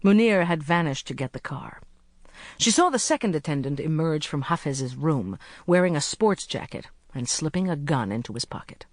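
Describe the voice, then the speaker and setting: A measured audiobook narrator reading a suspense scene at a mid pitch. The reading slows at the tense moments. The sound is dry and close to the mic. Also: big pitch swings, no echo. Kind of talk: scripted narration.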